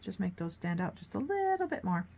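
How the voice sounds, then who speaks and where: A woman's voice: mid-range voice, very animated, brisk, creaky, mellow. A woman hosting a casual painting demonstration, chatting and encouraging viewers while she works. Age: adult, grown child of a mother who paints. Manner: chatty, encouraging, thinking aloud while working. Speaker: art tutorial host.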